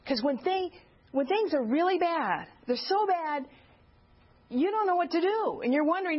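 A woman's voice: extremely high pitch, animated, normal speed, muffled recording. A woman giving an informal teaching talk at a church gathering, earnestly asking the listeners direct questions.

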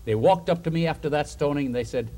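A man preaching a storytelling sermon, an animated storyteller who chuckles between points and puts questions to his listeners. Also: a little high, quick pace.

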